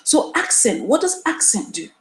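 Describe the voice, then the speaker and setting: A woman's voice: high-pitched, big pitch swings, moderate pace, reverberant. A woman in her thirties from Nigeria, hosting her own online talk show and speaking earnestly and emphatically, often repeating phrases for stress. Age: 30s. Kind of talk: solo live-stream talk to viewers.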